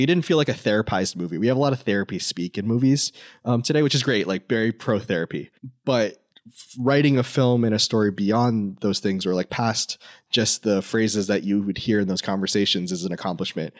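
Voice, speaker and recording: A man's voice: lowish voice, dry recording, clean studio sound. A young man co-hosting a podcast, talking through a film in a thoughtful way with frequent fillers and restarts. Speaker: podcast co-host. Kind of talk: casual film discussion.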